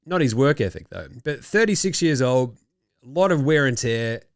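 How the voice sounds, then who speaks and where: An Australian man hosting a casual sports talk show, animated and swearing freely. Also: medium pitch, moderate pace, dry recording, clean studio sound. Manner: animated, swearing, laughing asides. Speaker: podcast host.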